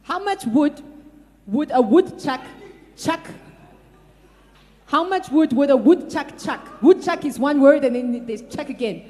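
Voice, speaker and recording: A woman co-presenting a casual comedy chat, playful and dictating sentences slowly. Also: high voice, lively intonation, mellow. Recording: long hall reverb.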